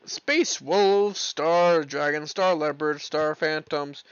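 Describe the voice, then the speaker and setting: Alone in his room, a young podcast host rambles through a solo stream, cursing freely and bursting into exasperated yelling. His high voice is slow with few pauses and a clean tone, leaning back from a streaming mic. The lo-fi recording is dull and dry, with no room echo.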